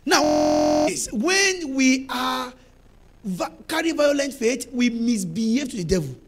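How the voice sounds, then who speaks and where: A man preaching a charismatic sermon as pastor, fervent and emphatic, repeating phrases and bursting into shouts. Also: extremely high pitch, wildly swooping pitch, measured pace, slightly rough. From Nigeria.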